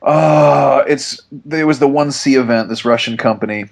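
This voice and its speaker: A man's voice: mid-range voice, moderate pace, vocal fry. A young man on a podcast, telling a long, rambling story full of ums and restarts in casual chat. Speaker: podcast regular.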